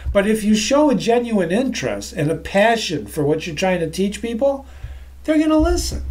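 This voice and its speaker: A man presenting a sales-training talk from his office, emphatic and energetic, moving around as he speaks and often addressing the audience as ladies and gentlemen. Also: sits high. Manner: moves around while talking.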